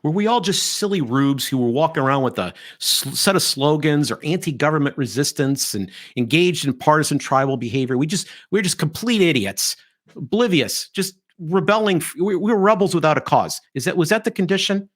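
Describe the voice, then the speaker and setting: A middle-aged man hosting a podcast, giving opinionated commentary in an animated, mocking way and sometimes mimicking others. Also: on the high side, a little fast. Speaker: podcast host.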